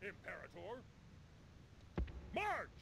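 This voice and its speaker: A man's voice: high-pitched, wildly swooping pitch, takes it slowly, gravelly, bright, forceful tone, breathy edge, full character voice. An actor voicing male Roman soldiers and sailors in a strategy game, giving clipped military replies and battle cries. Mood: barking. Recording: noisy game sound effects.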